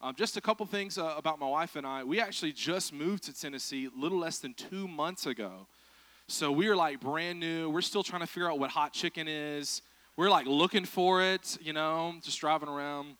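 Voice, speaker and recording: Bright-voiced preacher, joking. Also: male voice, on the high side, moderate pace, no echo. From South Georgia, USA. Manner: joking, chatty, self-deprecating. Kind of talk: humorous sermon. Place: church.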